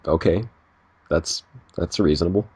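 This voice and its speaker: Very deep-voiced man with dry quips. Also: normal speed, darkish tone, husky. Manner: dry teasing quips, laughs often. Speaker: podcast co-host. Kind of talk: casual chat.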